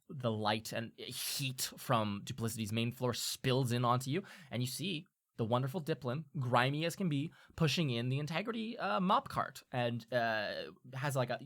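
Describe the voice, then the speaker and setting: A woman's voice: extremely low pitch, fairly bright tone. A woman narrating as game master of a tabletop game, rambling with lots of fillers.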